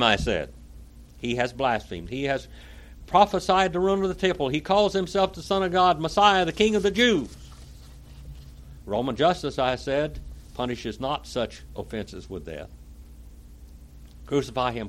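A man's voice: mid-range voice, a bit bright. A man preaching, reading a long text aloud with dramatic emphasis and stopping to explain it, sometimes tripping over hard words.

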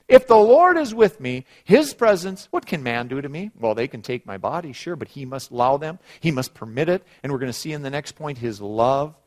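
A middle-aged man preaching a sermon, rising loud on scripture and dropping quiet for personal stories. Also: fairly high pitch. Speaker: pastor.

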